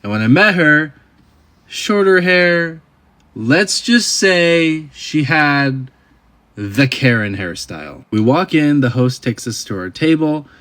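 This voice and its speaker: A young man telling a comic dating story with deadpan, wry asides. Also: on the high side, slow.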